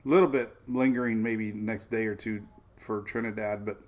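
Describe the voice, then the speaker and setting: A man hosting a weather show, chatting casually and excitably, often saying "man". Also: on the low side, normal speed. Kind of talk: casual live-stream chat.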